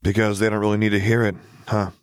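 A man's voice: fairly low pitch, level tone, quick pace, clear, resonant tone, no room sound, clean studio sound, pitched above the performer's own voice, close to an everyday voice. A man voicing a tough, crude young woman who talks in a sneering, combative way. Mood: scornful.

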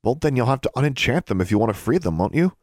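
A man's voice: medium pitch, very animated, fast, darkish tone, dry recording, clean studio sound, pitched above the performer's own voice, natural voice. Alexandra, a man playing an unsure young schoolgirl. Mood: uncertain. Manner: uncertain, questioning. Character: earnest young schoolgirl, unsure but polite.

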